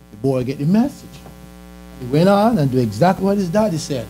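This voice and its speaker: Speaking fairly quickly in a slightly high, sing-song voice with a dark tone, a man shares his testimony as a church sermon with faint music behind him. His delivery is conversational, punctuated by chuckles and questions to the congregation.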